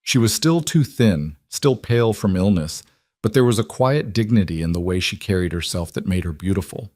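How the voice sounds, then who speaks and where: A man narrating a western romance story in a calm, measured scripted reading. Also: lowish voice, dry recording.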